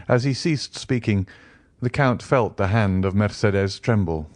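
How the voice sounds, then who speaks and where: A man narrating a classic novel as an audiobook in a measured way. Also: lowish voice, darkish tone, dry recording.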